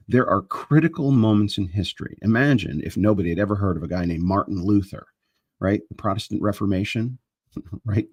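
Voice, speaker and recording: Low husky-voiced man rambling casually. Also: a little mellow, no room sound. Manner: meandering, self-interrupting, restarts sentences. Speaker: host of a live chat stream. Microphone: handheld microphone he moves around.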